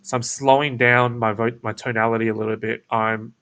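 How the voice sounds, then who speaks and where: A man with an Australian accent explaining a cold call script in a casual teaching talk, his voice creaky and croaky, kept laid-back and toned down. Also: level tone, a little fast, a bit bright. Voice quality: creaky, croaky low delivery. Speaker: agency owner teaching cold calling. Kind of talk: casual instructional talk with demo lines.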